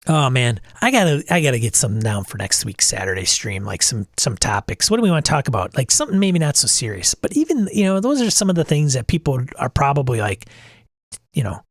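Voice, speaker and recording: A man's voice: mid-range voice, big pitch swings, quick pace, no echo. Middle-aged male host, casual and blunt, exasperated rants, dry close sound. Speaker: podcast host. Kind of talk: casual livestream talk.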